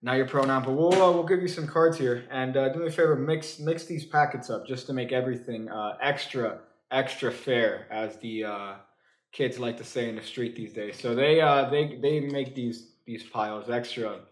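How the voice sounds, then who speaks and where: A man teaches a card trick with plenty of "uh"s and restarts. He slips in dry, offhand jokes as he goes. His mid-range voice rings a little in an echoey room. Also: mid-range voice. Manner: halting, full of fillers and restarts; dry, joking asides. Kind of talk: casual comedic tutorial.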